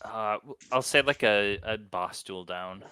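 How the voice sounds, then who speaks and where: A man playing in a tabletop game, speaking casually and hesitantly with lots of pauses and restarts. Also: fairly low pitch, sharp tone, smooth, dry recording. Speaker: player.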